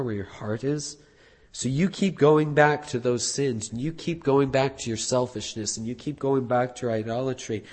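A man preaching a sermon as pastor, earnest, building to emphatic peaks and dropping low again. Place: church sanctuary. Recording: husky voice in long hall reverb.

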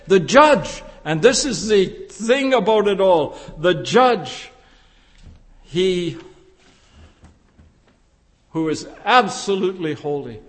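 High-voiced preacher in an echoing hall. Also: male voice, fairly bright tone. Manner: slow, deliberate preaching with emphatic rises. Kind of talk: sermon. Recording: long reverb of a large hall.

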